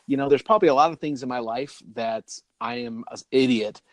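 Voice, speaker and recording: A man's voice: medium pitch, brisk, dry recording. A man co-hosting a podcast in casual chat, rambling and laughing often as he talks. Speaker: podcast co-host.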